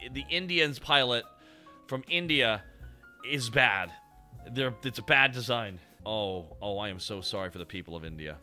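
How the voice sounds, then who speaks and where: Excitable guy from canada, really bright sharp voice, cusses a lot, bit of music under him. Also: medium pitch. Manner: excitable, swearing, laughing, mock-dramatic asides. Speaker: podcast co-host. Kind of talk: casual chat reacting to an anime.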